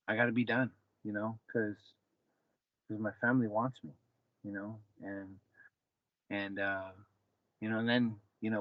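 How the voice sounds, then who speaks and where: A man in his forties, a former fighter and coach, casually recounts his past in a voice on the low side. He's animated, slipping into the voices of people in his story and acting out dialogue with his son. The recording is dry and dull, as if made in a padded room.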